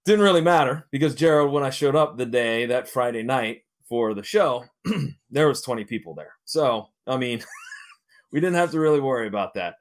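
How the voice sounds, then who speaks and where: A man's voice: mid-range voice, expressive, normal speed. A middle-aged man from Ohio, a guest telling a long story casually, rambling with fillers and restarts. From Ohio, United States. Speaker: interview guest, wrestling manager and promoter.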